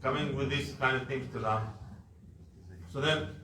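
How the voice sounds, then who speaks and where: A male preacher tells a sacred story with animated energy, stopping to explain the terms he uses. His voice is bright and forceful, and it sounds distant in an echoey room with faint noise behind it. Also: medium pitch, a little slow. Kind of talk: devotional storytelling talk.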